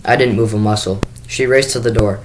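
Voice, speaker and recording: A man's voice: fairly low pitch, steady tone, fairly quick, a little hiss or hum, low-quality recording. A man reading a children's book aloud in first person, with the occasional small restart. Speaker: school staff reader.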